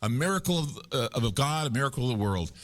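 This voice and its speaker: He talks fast, with a medium pitch and lively intonation, as a guest speaking live at a paranormal conference. The chat is casual, and he rambles through long stories while making himself the butt of his jokes.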